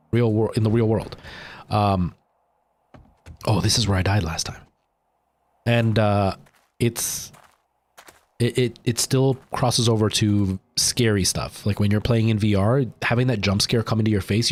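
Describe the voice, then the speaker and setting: A young man streaming a game live, chatting with his viewers and yelping in panic when attacked. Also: on the low side. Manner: chatty, jumps to loud panicked yelps in fights. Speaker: livestreaming gamer.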